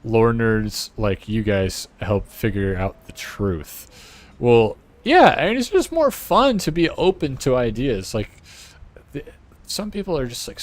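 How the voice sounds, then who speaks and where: An American man streaming, chatting casually and profanely as he rambles and laughs. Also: lowish voice. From United States. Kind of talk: casual chat reacting to a clip.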